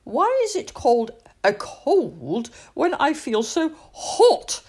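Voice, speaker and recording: A woman voicing an excitable, stubborn little girl princess with a shrill, whiny manner in a storybook read-aloud. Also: slow pace, breathy edge, full character voice.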